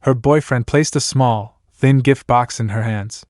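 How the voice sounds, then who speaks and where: A man reading a fan fiction story aloud in a steady storytelling manner. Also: mid-range voice, unhurried, no room sound, clean studio sound. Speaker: narrator.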